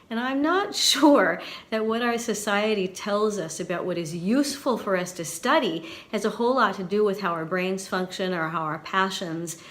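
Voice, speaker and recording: Chatty soprano woman over fifty. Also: medium pitch. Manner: chatty and earnest, addresses viewers as folks. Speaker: channel host and university teacher. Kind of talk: casual vlog talk to viewers.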